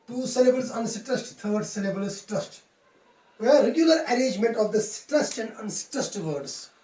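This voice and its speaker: Slow, echoey high-voiced teacher. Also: male voice, a little mellow, recorded from a distance. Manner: slow, deliberate, repeats phrases while explaining. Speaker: English teacher. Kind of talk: classroom lecture on poetry. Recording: echoey room, voice off-mic.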